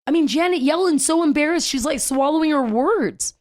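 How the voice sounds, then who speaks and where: A woman hosting a casual talk show, chatty and animated, telling stories with big swings in her voice. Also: high voice, brisk.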